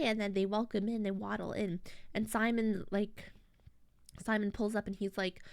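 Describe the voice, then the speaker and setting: A woman's voice: medium pitch, fairly even intonation, fairly quick, vocal fry, no room sound, studio quality. A young woman streaming, casually recapping a story in a rambling, slangy way full of fillers and restarts. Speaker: VTuber streamer.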